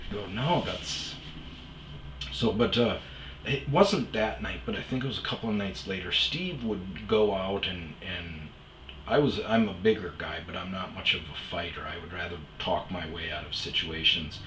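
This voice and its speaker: A man's voice: low voice, normal speed, fairly bright tone, roomy sound, slight background noise, rough recording. A man casually telling rambling, profane stories as a podcast host, full of fillers and asides. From Omaha area. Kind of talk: casual storytelling monologue.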